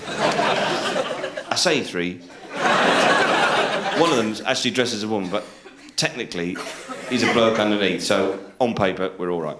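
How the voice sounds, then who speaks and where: A man's voice: lowish voice, very animated, unhurried, pauses often. A man doing a stand-up routine on a theatre stage, telling a rambling joke and acting out its characters in raised voices. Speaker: stand-up comedian. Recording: echoey live theatre recording with noise.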